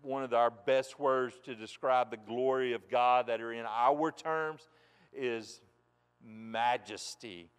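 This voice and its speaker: A man preaching a sermon in a folksy way, dropping soft and then rising loud and emphatic, from a church pulpit. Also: medium pitch, fairly even intonation, takes it slowly, clean tone. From United States. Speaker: pastor. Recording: long reverb in a large hall.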